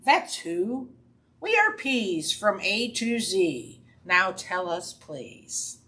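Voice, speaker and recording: A woman's voice: mid-range voice, big pitch swings, very slow, pushed and bright, slight background noise. A woman doing a playful, singsong alphabet intro for a children's program.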